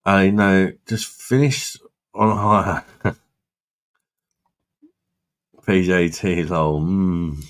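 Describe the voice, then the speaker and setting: Man, very deep voice, live-stream host, blunt, swears a lot. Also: steady tone, slow. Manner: blunt and sweary, laughs often. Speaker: livestream host reading chat. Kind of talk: casual live-stream chat.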